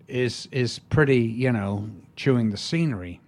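An older man, an actor being interviewed, telling stories in a rambling, halting way with many restarts. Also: mid-range voice, a little mellow. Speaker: actor, guest. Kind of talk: anecdotal storytelling in an interview.

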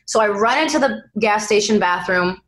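A young woman, an actress being interviewed, telling dramatic anecdotes in a lively, animated way. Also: mid-range voice, moderate pace. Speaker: actress guest.

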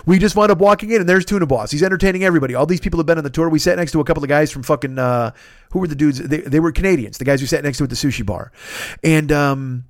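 A man hosting a podcast, telling a story in a casual, animated, profane way. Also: fairly high pitch, rapid-fire, dry recording, clean studio sound. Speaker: podcast host.

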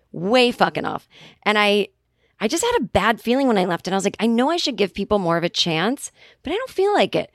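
Recorded close and totally dry with no room sound, a woman in her forties hosting a podcast tells a meandering story. She's loose and lively, plays both parts of a conversation, and swears freely. Her pitch is medium.

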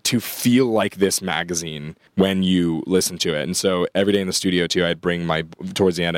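Fast-talking low-voiced young man. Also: dry recording, studio quality. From United States. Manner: rambling, full of "like" and restarts. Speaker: rock band member. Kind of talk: casual interview chat.

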